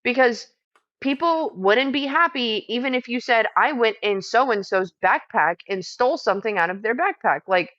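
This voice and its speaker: A woman who works as a camp medic, retelling a clash in casual chat, swearing freely and talking fast when heated. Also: a little high, lively intonation, fairly bright tone, muffled recording. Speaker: house medic at a streamed camp.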